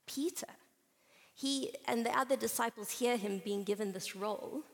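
A woman's voice: a little high, moderate pace. A woman speaker at a conference, preaching and reading scripture in a conversational, storytelling manner. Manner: conversational, storytelling with playful asides. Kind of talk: sermon with Bible reading. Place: conference hall. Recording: reverberant hall.

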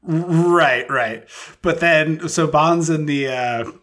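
A man's voice: fairly high pitch, takes it slowly, fairly bright tone. A man co-hosting a podcast in casual chat, joking and laughing often. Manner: jokey, laughs often, puts on silly voices. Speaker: podcast co-host.

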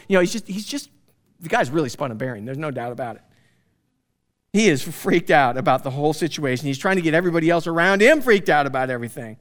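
A man teaching through a Bible passage in a conversational, animated way, often asking his listeners questions. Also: on the high side, fast.

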